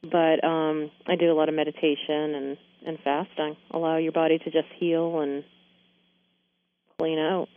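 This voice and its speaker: A woman's voice: low voice, little pitch movement, unhurried. Chill woman co-host, agrees a lot, says like and um, muffled lo-fi audio. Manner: easygoing, agreeable, uses lots of fillers. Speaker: podcast co-host. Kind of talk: casual conversation.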